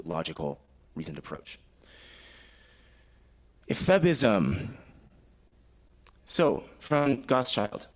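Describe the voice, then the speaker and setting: A man's voice: deep voice, a bit bright, rough recording. A man giving an academic presentation, speaking thoughtfully and hesitantly with frequent restarts, and reading quotations aloud. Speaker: fellowship presenter.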